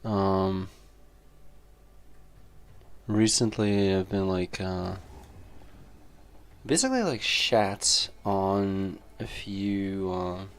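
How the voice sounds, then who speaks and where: A man's voice: low-pitched, expressive, very slow, pauses often, slight background noise. A man chatting casually and swearing a lot, telling rambling stories full of fillers. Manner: profane, laid-back storytelling full of fillers.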